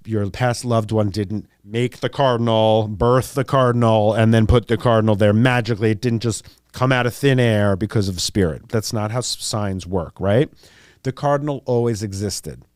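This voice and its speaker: A man's voice: on the low side, a little mellow, no room sound, clean studio sound. A young man, hosting a podcast in a loose, rambling monologue with joking asides. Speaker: podcast host. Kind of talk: casual monologue.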